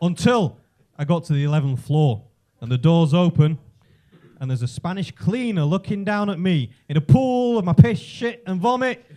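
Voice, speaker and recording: High-voiced Yorkshire comic telling a story. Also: male voice, moderate pace. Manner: animated storytelling, builds to shouting. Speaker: stand-up comedian. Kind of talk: stand-up comedy set. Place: comedy club stage.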